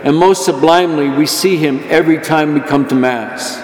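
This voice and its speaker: A man's voice: a little high, moderate pace. A man preaching a homily at Mass, earnest and emphatic, lifting his voice when he gives the words of God. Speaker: priest. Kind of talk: sermon. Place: church. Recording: echoey church hall.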